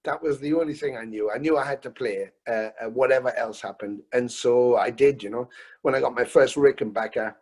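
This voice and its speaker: A man in his fifties, a musician guest on a video call interview, telling stories in a lively, casual way, swearing freely and often restarting his sentences. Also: medium pitch, a little fast, slightly rough.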